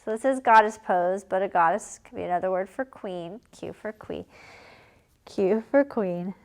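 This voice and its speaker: A woman teaching a children's yoga class, giving calm, encouraging step-by-step cues. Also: medium pitch, normal speed. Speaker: kids yoga instructor. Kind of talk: guided yoga lesson for children.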